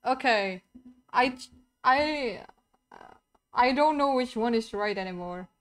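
A woman's voice: a little high, lively intonation, slow pace, pauses often, a bit bright. A young woman streaming a video game, chatting casually with her viewers, playful and giggling at her own wordplay. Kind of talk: casual live-stream chat while gaming.

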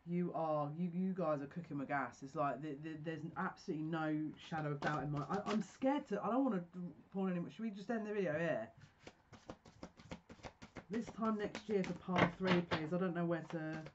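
A woman's voice: lowish voice, brisk, highs cut off, slight background noise. A woman giving a pick-a-card tarot reading, effusive and emotional, talking in bursts with restarts.

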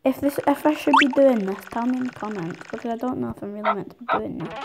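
Female gaming creator, casual rambling commentary; a little high, hiss behind her. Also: quick pace, gravelly. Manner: excitable, rambling, talks to herself.

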